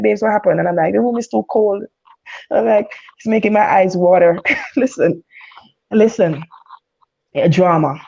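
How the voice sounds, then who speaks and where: Woman telling a story over a muffled call. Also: low voice. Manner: animated storytelling, laughs. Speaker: guest. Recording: muffled remote headset line.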